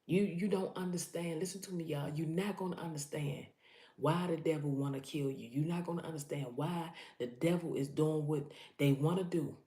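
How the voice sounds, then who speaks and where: A woman's voice: sits low, fairly even intonation, normal speed, dark tone, echoey room. A woman giving an impassioned preaching vlog, talking urgently to her listeners and repeating herself for emphasis. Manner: urgent, repetitive, addresses listeners directly. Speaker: motivational preacher.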